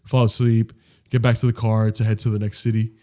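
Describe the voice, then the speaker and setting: A man's voice: on the low side, flat delivery, a little fast, a little mellow. Young guy on a podcast telling a story, casual, swears a lot, voice jumps way up when he quotes ppl. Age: young adult. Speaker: podcast co-host.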